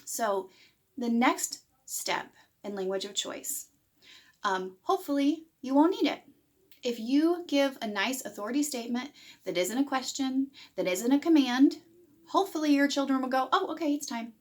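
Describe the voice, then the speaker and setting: A woman's voice: sits high, animated, moderate pace. Woman teaching a parenting lesson. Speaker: parenting educator. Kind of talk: direct-to-camera parenting lesson.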